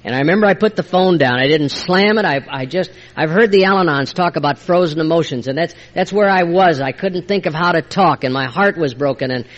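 An older man gives a heartfelt personal testimony at a recovery meeting. His voice sits a little high for a man, and he moves between quiet, hushed passages and emphatic bursts. The recording is muffled and lo-fi. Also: brisk, few pauses. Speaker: speaker sharing his recovery story.

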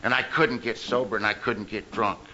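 A man tells his recovery story at a meeting in a forceful, ringing voice. He is emphatic and humorous. The sound is dull and lo-fi, with faint noise behind him. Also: fairly low pitch, steady tone, normal speed. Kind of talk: personal recovery testimony.

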